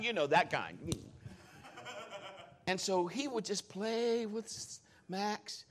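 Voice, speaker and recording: A man preaching a sermon, telling stories in a jokey, animated way. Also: sits high, slow, long pauses.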